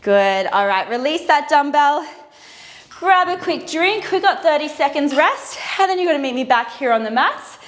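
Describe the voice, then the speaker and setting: In an indoor workout studio, a fitness instructor leads a guided dumbbell session, her high voice carrying lively intonation at a moderate pace. She's out of breath as she exercises, cueing each move with upbeat encouragement.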